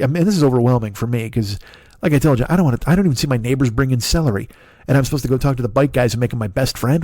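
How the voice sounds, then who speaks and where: A man's voice: mid-range voice, warm tone, dry recording, studio quality. Rambling, swearing man in his fifties. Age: 50s. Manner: rambling, self-deprecating, swears often, restarts. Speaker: comedian and podcast host. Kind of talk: profane comic monologue.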